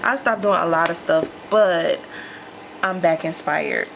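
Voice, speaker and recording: A woman's voice: on the low side, measured pace, creaky, noisy background. A woman vlogger chatting casually to her viewers while unboxing a mystery box, calling them y'all. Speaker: lifestyle vlogger.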